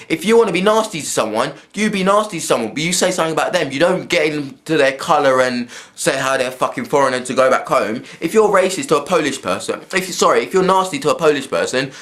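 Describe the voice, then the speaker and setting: A man's voice: on the high side, animated, quick pace, fairly bright tone. Blunt, swearing young man. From England. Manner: blunt, rambling, heavy swearing, many restarts. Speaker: vlogger. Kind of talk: casual spoken monologue.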